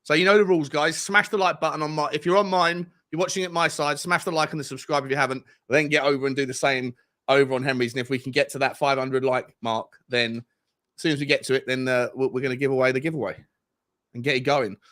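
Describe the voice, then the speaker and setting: A young man co-hosting a football fan livestream, relaxed and upbeat, often restarting his sentences. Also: mid-range voice, quick pace. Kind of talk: casual chat.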